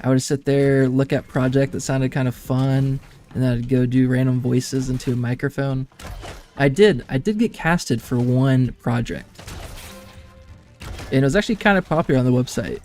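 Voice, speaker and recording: A man's voice: medium pitch, steady tone, moderate pace, darkish tone. A man streaming a game, rambling and chatting casually to his viewers and laughing often.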